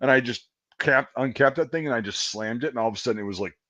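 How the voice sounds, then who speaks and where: A man's voice: medium pitch, fast, a bit bright, no room sound. A man telling a long army story in a casual, profane, rambling way, laughing at himself. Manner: profane, rambling, self-deprecating. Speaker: podcast host.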